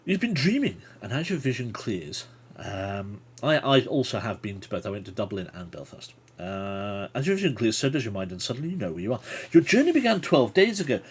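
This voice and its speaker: A man's voice: fairly low pitch, sing-song, a little fast, breathy edge. A man hosting a livestream, reading a gamebook aloud and chatting playfully with viewers. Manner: playful, chatty asides to chat.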